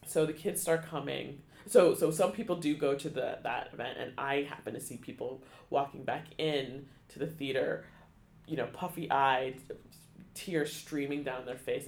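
A man telling a personal story in an interview, halting, with many restarts and fillers, becoming emotional. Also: mid-range voice, fairly even intonation, vocal fry, reverberant. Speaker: guest, theater education staff. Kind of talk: conversational storytelling.

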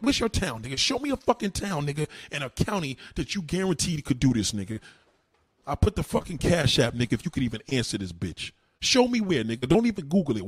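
Husky-voiced New man ranting. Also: fairly high pitch, dry recording. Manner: combative, repetitive, heavy cursing and slang. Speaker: livestream host answering comments. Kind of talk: profane ranting commentary.

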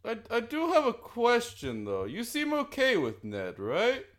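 Curious guy asking stuff, high voice that jumps around a lot. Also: huge pitch swings, unhurried. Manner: curious, questioning. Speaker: player.

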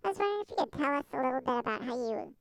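A young woman hosts with bubbly, playful enthusiasm. Her high voice leaps around a wide range and drops into gravelly fry. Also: sing-song, very fast, no echo, rough recording. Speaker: podcast host. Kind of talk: casual chat.

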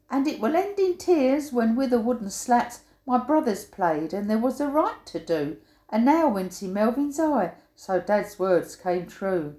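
A woman's voice: medium pitch, lively intonation, a little slow, a little mellow. An older woman reading her own humorous rhyming poem aloud, giving quoted sayings a playful, punchy emphasis. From England. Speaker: poet. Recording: roomy echo.

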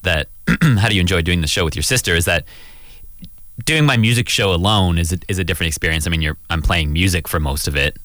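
Deep-voiced man hosting a radio talk show. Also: quick pace, fairly bright tone, no room sound, studio quality. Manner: thoughtful, hesitant, circles back to his point. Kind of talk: casual chat.

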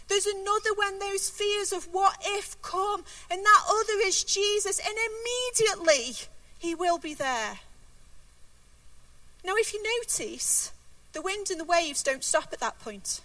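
A woman's voice: very high-pitched, bright, forceful tone, no echo, recorded from a distance. A woman giving an earnest sermon, reading scripture aloud and repeating key words for emphasis. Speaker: preacher.

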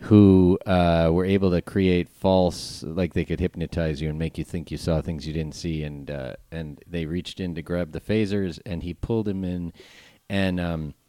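A man's voice: low voice, fairly even intonation, normal speed, hardly any pauses, dark tone, dry recording, clean studio sound. A man in casual conversation, telling a long rambling story in stop-start bits. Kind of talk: casual chat.

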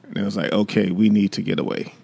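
A gravelly, slightly creaky man in his fifties co-hosts a podcast with his wife. He talks in a loose, joking way and teases her between points, and he sounds relaxed and familiar. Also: fairly low pitch, quick pace. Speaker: podcast co-host. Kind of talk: casual chat.

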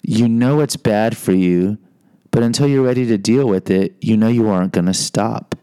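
A man's voice: lowish voice, normal speed, warm tone, clean tone. A man hosting a podcast, telling a personal story in a candid, self-deprecating monologue with frequent restarts. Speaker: podcast host.

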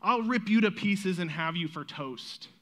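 A taunting, boastful giant bullies his enemies, voiced by a man reading aloud. The tone is high and bright, a storybook reading rather than a full character voice. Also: animated, a little slow, exaggerated voice. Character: boastful bullying male giant.

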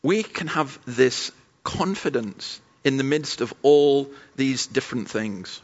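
A man's voice: mid-range voice, lively intonation, slow pace. A man preaching a sermon at a church camp, telling stories in a conversational way with frequent asides. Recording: dull lo-fi sermon recording.

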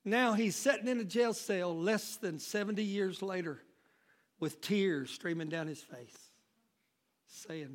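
A man preaching a sermon as pastor, calling out to the congregation and building up to shouts. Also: sits high, measured pace.

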